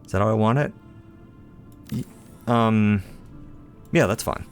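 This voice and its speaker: A man's voice: fairly low pitch, takes it slowly, soft background music. A man giving casual commentary while playing a game, chatty and playful, talking to himself and teasing himself as he goes. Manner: self-deprecating, playful. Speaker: let's play host.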